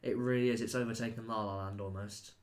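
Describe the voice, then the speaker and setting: Young guy gushing about movies, lots of "like", lowish voice, faint hiss. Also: fast. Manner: animated, rambling, full of "like" and laughs. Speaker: podcast co-host. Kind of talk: casual chat.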